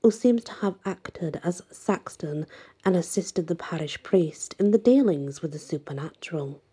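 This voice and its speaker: Woman storyteller for a folk legend: low, slow, husky, whispery and dramatic. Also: animated, dark tone. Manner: dramatic, often sinking to a breathy whisper. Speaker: narrator. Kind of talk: reading a folk legend aloud.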